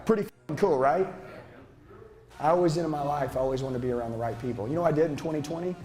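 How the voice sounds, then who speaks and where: A man in middle age delivers a motivational sales seminar into a handheld mic, his voice pitched high and pushed hard. He swears freely and drives every point with raw intensity. Faint music sits under the room. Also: fast. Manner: intense, profane, shouting and lecturing. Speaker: sales trainer. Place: seminar room with live audience.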